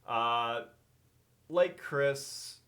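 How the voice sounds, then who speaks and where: A man co-hosting a podcast, talking in a relaxed, wry way that trails off softly. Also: medium pitch, very slow, smooth. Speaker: podcast co-host. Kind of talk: casual podcast chat.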